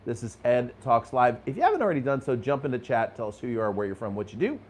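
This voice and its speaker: A man's voice: medium pitch, very animated, quick pace. A middle-aged man hosting a live sales training show. He talks to viewers with energy and emphasis, chuckles often and restarts his phrases. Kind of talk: live motivational sales talk to viewers in chat.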